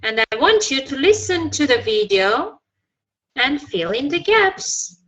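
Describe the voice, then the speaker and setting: Bright, high-voiced woman teaching English. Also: very animated, unhurried, rough recording. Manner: encouraging, patient corrections. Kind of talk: online English lesson.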